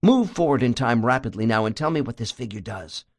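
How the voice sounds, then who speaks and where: A man voicing a hypnotherapist who speaks in a calm, reassuring way. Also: mid-range voice, a little fast, vocal fry.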